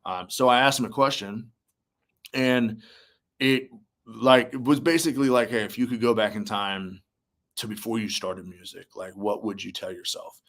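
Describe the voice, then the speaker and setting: Here a young man with a fairly low pitch talks at a moderate pace, spinning lively stories as an interview guest. He's a musician who served in the army, and he acts out quotes while scattering fillers throughout.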